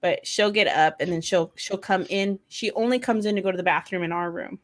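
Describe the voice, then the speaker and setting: A woman's voice: fairly low pitch, fairly quick. A middle-aged woman and mother co-hosting a casual chat, blunt, swearing freely and laughing often. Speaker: podcast co-host, mother.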